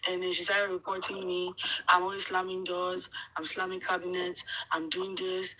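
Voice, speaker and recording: A woman's voice: on the low side, moderate pace, poor audio. A Nigerian woman whose first language is Yoruba, telling a workplace story in casual chat and acting out what people said. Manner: animated storytelling, acts out quoted exchanges, repeats words. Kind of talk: casual chat, switching between English and Yoruba.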